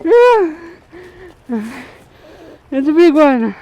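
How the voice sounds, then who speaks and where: Excitable high-voiced man shouting while fishing. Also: extremely slow. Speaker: fishing vlogger. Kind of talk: live fishing commentary.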